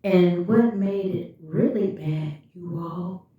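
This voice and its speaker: A woman's voice: fairly low pitch, takes it slowly. A woman vlogger telling a personal story and speaking directly and emphatically to her viewers. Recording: echoey room, far from the mic, dull lo-fi.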